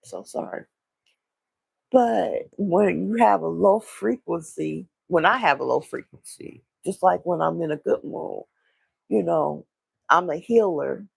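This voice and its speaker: Gravelly, husky woman rambling. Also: fairly low pitch, no room sound. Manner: rambling, halting, with repeated restarts. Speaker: vlogger. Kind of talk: casual confessional monologue.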